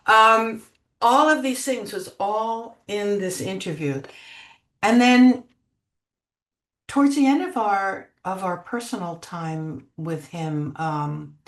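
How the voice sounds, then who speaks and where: An older woman telling spiritual memories as an interview guest, gentle and unhurried, trailing off with many fillers. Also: medium pitch. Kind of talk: reflective spiritual storytelling. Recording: echoey room.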